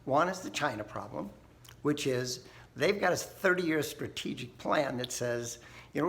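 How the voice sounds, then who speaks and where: A man giving a casual, folksy talk straight to his audience, chuckling and asking "right?" now and then. His voice has a creaky, gravelly texture at an ordinary male pitch. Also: animated, moderate pace, fairly bright tone. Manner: chatty, folksy, laughs often, asks "right?". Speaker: think tank host.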